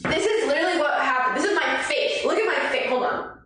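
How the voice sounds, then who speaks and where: A young woman with a high voice chats on a livestream, telling a story with lively swearing and bursts of laughter. Her voice bounces around a very echoey room, with faint noise underneath. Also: fairly quick. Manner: animated, swearing, laughing, mimics people. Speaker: streamer. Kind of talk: casual storytelling chat.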